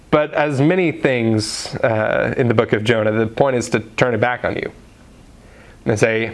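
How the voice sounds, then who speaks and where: A man's voice: medium pitch, moderate pace. A man giving a daily devotional sermon in a conversational way, with fillers, acting out quoted voices now and then. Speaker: preacher.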